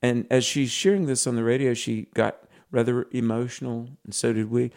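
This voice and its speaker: A man's voice: mid-range voice, moderate pace, darkish tone. A man with a Southern US accent co-hosting a radio fundraiser, telling stories in an earnest, folksy way. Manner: earnest, folksy storytelling with restarts. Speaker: radio co-host.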